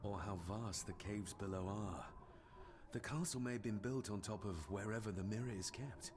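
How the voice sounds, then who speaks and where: An actor playing a polite, curious male protagonist who speaks in a measured way in an adventure game. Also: fairly low pitch, background noise, natural voice.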